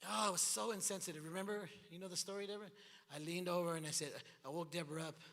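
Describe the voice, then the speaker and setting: A pastor preaches with a strikingly high, bright voice. He is animated and acts out the figures from the scripture story. His voice rings with the long reverb of a large church hall. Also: fast talker. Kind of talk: sermon.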